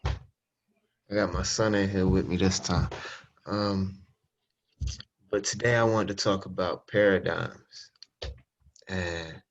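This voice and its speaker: A man's voice: deep voice, slight background noise. A man giving a conversational motivational talk on a group call, explaining his idea step by step. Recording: muffled lo-fi call audio.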